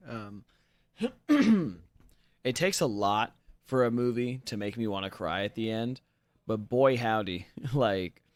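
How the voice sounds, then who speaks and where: A man's voice: mid-range voice, no echo. Man talking loose, emphatic slang. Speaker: podcast co-host. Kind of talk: casual movie chat.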